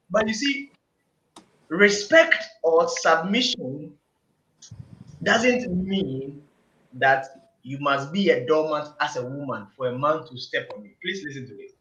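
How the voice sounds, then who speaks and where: A man's voice: fairly high pitch, very animated, unhurried, bright, forceful tone. A man, a panel guest in a casual group discussion, talking emphatically and preachily and repeating phrases for emphasis. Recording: echoey room, dull lo-fi sound.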